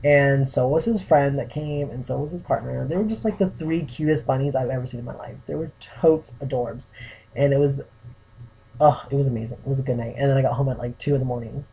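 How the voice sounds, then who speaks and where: A man's voice: medium pitch, fairly quick, gravelly, dark tone, husky. A young man vlogging to his viewers, telling a story in a chatty way full of "like" fillers. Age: young adult. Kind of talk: casual chat to camera.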